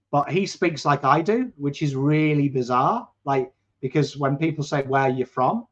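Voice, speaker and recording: A man's voice: on the high side, normal speed, few pauses. An English man with a coarse accent, hosting a live football watchalong, chatting and reacting to play. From England. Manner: chatty, excitable, swears, bursts into shouts at play. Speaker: watchalong host. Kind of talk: live football watchalong chat, reading viewer comments. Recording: dull lo-fi stream audio.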